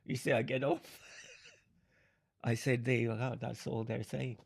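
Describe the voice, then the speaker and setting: Gravelly older man telling a story. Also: medium pitch, little pitch movement. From Jamaica. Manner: unhurried, explains through analogies, laughs often. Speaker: interviewee. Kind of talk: reflective storytelling.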